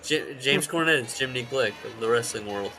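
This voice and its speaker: A man's voice: medium pitch, a little fast, music in the background, rough recording. A man co-hosting a podcast in casual chat, telling stories with plenty of swearing and acting out what others said. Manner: animated storyteller, swears, acts out quoted lines. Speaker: podcast co-host. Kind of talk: casual chat about wrestling.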